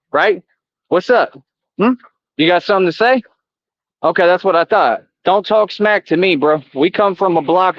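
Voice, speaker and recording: A middle-aged man streaming live outdoors, taunting his chat in a confrontational, repetitive rant. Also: high voice. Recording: dull lo-fi, dry.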